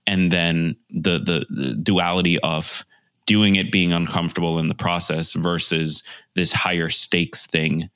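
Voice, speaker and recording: Very deep-voiced male podcast host. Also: fairly even intonation, fairly bright tone, smooth, no room sound, studio quality. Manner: thoughtful, summarizes slowly with restarts. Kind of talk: podcast interview.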